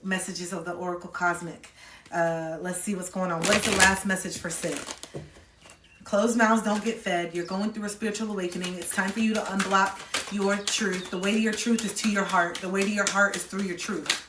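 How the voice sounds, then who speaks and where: A woman's voice: medium pitch, steady tone, normal speed, roomy sound, far from the mic, background noise. A woman giving a loose, free-flowing spiritual reading with casual cussing, talking straight to her viewers. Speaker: spiritual coach and tarot reader.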